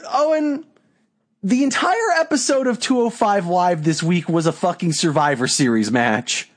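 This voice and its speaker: A man's voice: sits high, animated, moderate pace. A young man co-hosting a podcast in casual chat, ranting with lots of profanity and exasperation. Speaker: podcast co-host.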